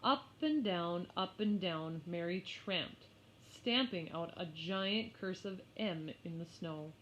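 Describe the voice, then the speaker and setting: A woman narrating a children's story aloud in an expressive, unhurried way. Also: on the low side, a little hiss or hum. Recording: slightly muffled lo-fi.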